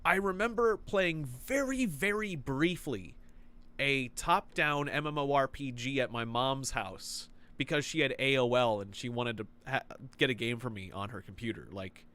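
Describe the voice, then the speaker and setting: A man casually commenting as he plays a video game, rambling through memories and reacting excitably. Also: medium pitch, normal speed. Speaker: gaming video host. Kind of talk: casual let's-play commentary.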